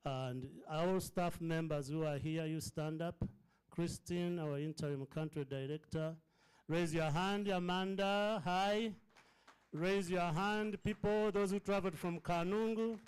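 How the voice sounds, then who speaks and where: A middle-aged man, founder of a charity, delivers an impassioned fundraising speech at a hotel breakfast event, sounding like a preacher as he builds to fervent emphasis and repetition. His voice is a little high, smooth and a little mellow, with fairly even intonation and a slightly slow pace. The recording is rough.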